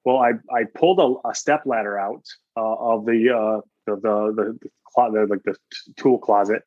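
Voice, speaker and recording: A man in a podcast interview, telling a personal story earnestly and often restarting mid-sentence. His voice sits at an ordinary pitch. The recording is a little muffled and very dry. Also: steady tone, moderate pace, no room sound. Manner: earnest storytelling, quoting his own thoughts, frequent restarts. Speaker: guest, sports chaplain.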